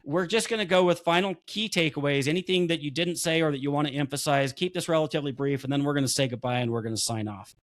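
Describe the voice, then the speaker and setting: A man hosting a casual podcast chat, relaxed and joking as he moves the show along. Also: on the high side, fast talker, hardly any pauses, dry recording. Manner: relaxed, joking, runs the segments. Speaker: podcast host.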